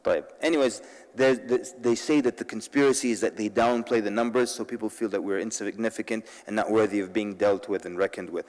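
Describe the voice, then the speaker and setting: A man giving a humorous public talk at a convention, telling stories in an animated way and mixing in Arabic words. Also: lowish voice, fast talker, long reverb tail, poor audio. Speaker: convention speaker. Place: large convention hall.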